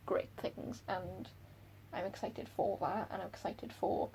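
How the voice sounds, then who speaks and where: A woman book vlogger chatting casually and excitably about characters she loves and hates. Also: mid-range voice, gravelly, slight background noise, rough recording. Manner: gushing, excitable, quick laughs. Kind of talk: casual chat.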